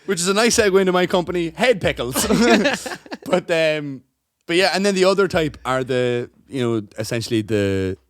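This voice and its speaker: A man's voice: fairly high pitch, animated, normal speed, no echo, studio quality. A man co-hosting a podcast in casual comedic chat, rambling and swearing as he tells stories. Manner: rambling, sweary, acts out people in quotes. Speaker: podcast co-host.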